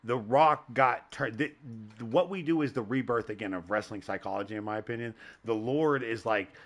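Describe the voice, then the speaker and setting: Male podcast host, casual rambling chatter, quick to laugh, mid-pitched. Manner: rambling, animated, laughs often. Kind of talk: casual chat.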